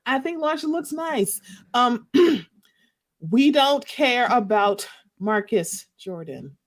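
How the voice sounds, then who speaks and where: A woman, a podcast guest in casual gossip chat, animated and often acting out quoted reactions with laughter. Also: fairly high pitch, takes it slowly.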